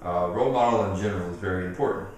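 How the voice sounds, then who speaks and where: Man, casual parenting advice, animated, repeats himself, very echoey room, distant mic. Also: deep voice, racing, a little hiss or hum. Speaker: parenting video host.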